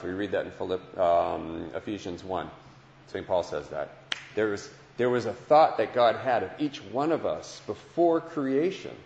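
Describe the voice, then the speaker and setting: A man's voice: on the low side, gravelly, a little mellow, slight background noise. A man preaching a heartfelt Christian sermon and testimony, earnest, often repeating phrases, to listeners in a large hall. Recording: dull lo-fi sound with long hall echo.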